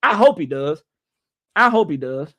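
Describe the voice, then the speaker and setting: A man's voice: fairly high pitch, sing-song, moderate pace, pushed and bright, dry recording. A man hosting a live sports reaction stream, chatting loosely with viewers and joking as he goes. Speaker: livestream sports host.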